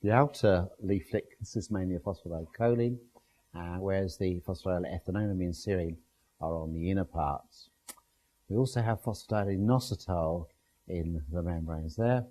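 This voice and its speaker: A man lectures a class in a low, husky voice, walking listeners through slides step by step. His tone is dark and mellow, and he explains with plain everyday comparisons. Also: normal speed, poor audio.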